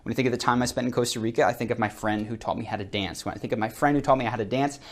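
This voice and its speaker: A man's voice: mid-range voice, steady tone, racing. A man, probably in his thirties, teaching a recorded online lesson, speaking directly and encouragingly to the viewer. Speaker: charisma course instructor.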